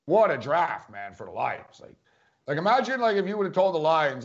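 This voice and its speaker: A man's voice: on the high side, big pitch swings, a little fast, highs cut off. A man co-hosting a sports podcast, talking emphatically and repeating points for stress. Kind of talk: casual sports talk.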